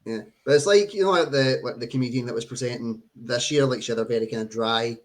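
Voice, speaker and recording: Brief: man, mid-pitched, loose rambling co-host talk. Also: quick pace. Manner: rambling, many fillers and restarts. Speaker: podcast co-host. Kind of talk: casual chat.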